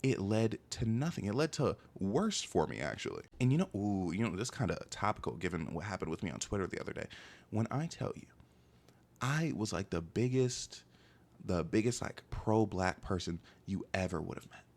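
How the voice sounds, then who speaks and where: A young man telling a long story in a casual monologue, animated and exasperated, full of "like" and "bro". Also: deep voice, normal speed.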